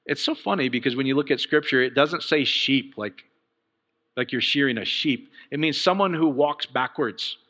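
A middle-aged man preaching a casual, conversational sermon, animated and rising to fervent outbursts with asides. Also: medium pitch, big-room sound.

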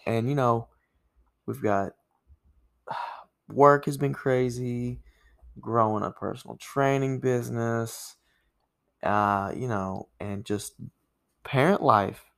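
A man's voice: mid-range voice, slow pace, vocal fry, pauses often, fairly bright tone. A young man co-hosting a casual podcast, upbeat and chatty, apologizing to listeners. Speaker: podcast co-host. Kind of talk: casual chat. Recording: guitar music behind.

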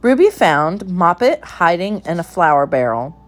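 A woman reading a children's storybook aloud with measured, expressive narration. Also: lowish voice, soft background music. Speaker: storybook reader.

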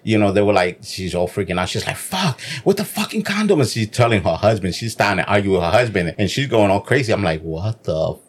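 Male podcast co-host, deep husky voice, casual, rambling storyteller. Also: quick pace, hardly any pauses. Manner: loose storytelling with filler words and quoted asides. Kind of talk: casual chat.

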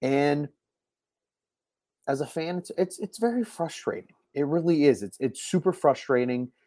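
A man's voice: fairly high pitch, lively intonation, measured pace, dry recording. A young man hosting a late-night live stream from home, keeping his voice down so he won't wake the household, rambling and repeating himself as a frustrated fan. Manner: hushed voice to avoid waking people.

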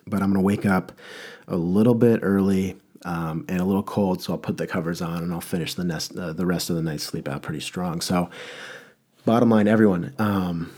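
A young man talking alone on his podcast in a rambling, self-mocking way. His voice sits a little low, and he keeps breaking off mid-sentence to start over. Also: dark tone. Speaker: podcast host. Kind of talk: casual solo podcast monologue.

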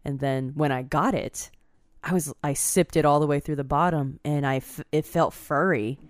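A woman co-hosting a casual chat, telling stories in a giggly, animated way. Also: deep voice, moderate pace, dry recording, clean studio sound.

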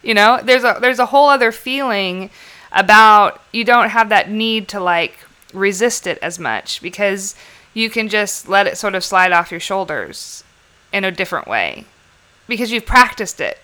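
Woman, casual chat, bright tone, crisp clear voice, candid, swears freely. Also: medium pitch, expressive, normal speed.

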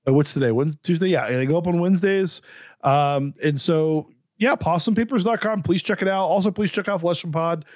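A man on a podcast as a guest, chatting casually with wry, deadpan humor. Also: fairly high pitch, a little fast, no room sound, clean studio sound.

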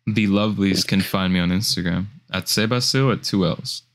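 A man co-hosting a podcast, giving a relaxed, opinionated album review with frequent restarts. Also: deep voice, moderate pace. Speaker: podcast co-host. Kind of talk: casual album review chat.

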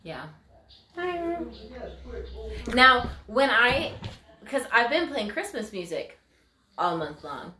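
A young woman who teaches, chatting casually with friends, animated and quick to laugh. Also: on the high side. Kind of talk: casual group chat. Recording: echoey room with chatter behind.

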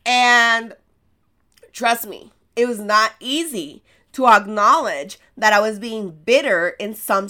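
A woman with an American accent and Spanish as her first language hosts a podcast in an unhurried, bright voice that sits a little high. She tells stories and tosses out rhetorical questions, laughing at herself along the way. It is a casual motivational monologue. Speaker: podcast host.

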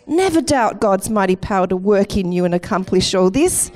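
A middle-aged woman, a campus pastor giving a lively, playful welcome and sermon in church. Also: medium pitch, unhurried, few pauses. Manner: chatty and playful, laughing at herself. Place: church auditorium.

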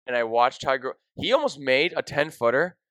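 Excitable young man telling a story. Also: medium pitch, moderate pace, no echo. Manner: excitable, emotional storytelling with lots of "dude" and "like". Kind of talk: casual chat.

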